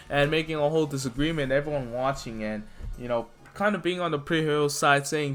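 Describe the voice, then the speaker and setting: A man with a slightly high voice rambles through a made-up fan story, stacking up "you know" fillers as he goes. His delivery is casual and unscripted, with light music playing faintly behind him. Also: brisk, a bit bright.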